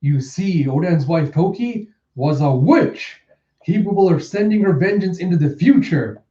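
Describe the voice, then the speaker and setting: A gloating, scheming villain lord from a comic, read aloud by a man, savoring each reveal in a slightly raised voice. The sound is mellow but dull and lo-fi, recorded in an echoey room. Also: sits high, animated, normal speed, far from the mic, voice pushed up. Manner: gloating, storytelling.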